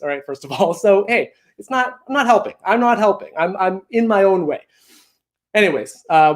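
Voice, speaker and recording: A young Canadian man doing a self-mocking, animated stand-up set from his home during lockdown. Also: high-pitched. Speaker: stand-up comedian.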